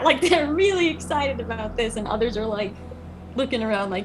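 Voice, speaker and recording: A woman's voice: high-pitched, lively intonation, brisk, slight background noise. A woman narrating a tabletop game as game master, chatty, with many "like"s and "um"s. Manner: chatty, full of "like" and "um".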